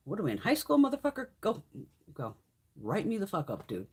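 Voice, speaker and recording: A woman's voice: medium pitch, wildly swooping pitch, fast, a little mellow, breathy edge. A middle-aged woman hosting a beauty livestream, telling stories in a blunt, profane, casual way. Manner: profane, blunt storytelling with frequent swearing and laughs.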